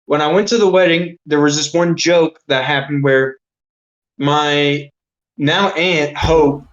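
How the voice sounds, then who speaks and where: A man's voice: a little high, fairly even intonation, takes it slowly. A man in his thirties telling a long story casually as an interview guest, rambling, swearing often and filling his talk with "like". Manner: rambling, swears a lot, many "like" fillers. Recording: dull lo-fi recording.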